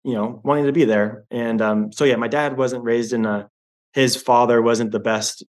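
A young man who is a podcast guest, talking in a rambling, halting way with many fillers, in casual interview chat. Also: on the low side.

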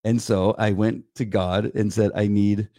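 A middle-aged man co-hosting a casual chat podcast, talking in a rambling way with many restarts and repeated words, and getting animated when he quotes others. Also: on the low side, measured pace, no echo, clean studio sound. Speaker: podcast co-host.

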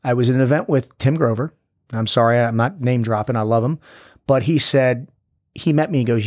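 A man's voice: medium pitch, a little fast, darkish tone, dry recording. Intense, blunt male guest in mid range, swearing, frequent restarts, dry recording. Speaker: podcast guest, former Navy SEAL. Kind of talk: candid conversational interview.

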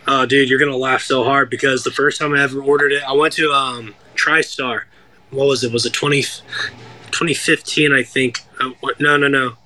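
A young man from the States tells stories in a bright, forceful voice. He is animated and profane, and he mimics the people he quotes as he goes. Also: medium pitch, normal speed. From United States. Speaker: guest fighter. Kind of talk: casual interview storytelling.

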